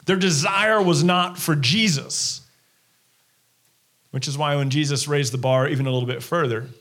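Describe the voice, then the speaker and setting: A man delivering a church sermon with a fairly high-pitched voice. He preaches in a lively, animated way and slips into quoted voices to act out the crowd and Jesus. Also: moderate pace. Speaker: pastor.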